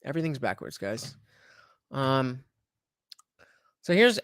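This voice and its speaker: A male livestream host reacts to clips in a lively, up-and-down voice. His speech is full of hesitations and fillers. The sound is dry and close. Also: on the high side, a little slow, long pauses, dry recording. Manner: confused, hesitant, many fillers.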